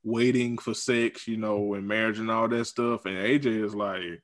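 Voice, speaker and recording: A man's voice: fairly low pitch, fairly even intonation, moderate pace, hardly any pauses. Rambling man in casual chat. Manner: rambling, many ums and restarts, laughs at own jokes. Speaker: podcast co-host. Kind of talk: casual chat reviewing a reality dating show.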